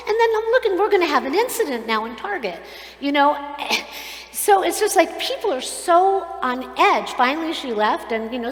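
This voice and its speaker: A woman rabbi delivering a sermon, telling everyday stories with earnest, expressive delivery and acting out the people she quotes. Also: a little high. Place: synagogue sanctuary. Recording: echoey hall with long reverb.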